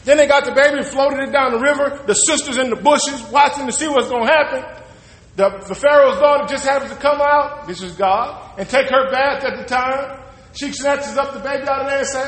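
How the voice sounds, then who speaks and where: A man's voice: very high-pitched, brisk, a bit bright. A man preaching a sermon, retelling a story in a loose, conversational way and acting out the characters' lines. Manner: storytelling with conversational asides and acted-out quotes. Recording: echoey hall with long reverb.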